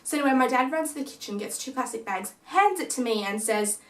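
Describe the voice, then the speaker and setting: This young woman vlogger has a voice on the high side and talks fast as she tells a paranormal story casually. She acts out her family's words with lively energy. The mic is distant and the room is echoey.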